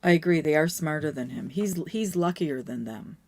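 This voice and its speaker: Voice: mid-range voice, expressive, normal speed. A speaker in a casual live-stream chat who playfully asks teasing questions.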